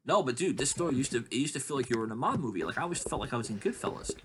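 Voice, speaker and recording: A man's voice: mid-range voice, rapid-fire. A man co-hosting a casual chat podcast, rambling through profane stories. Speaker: podcast co-host. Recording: steady background noise.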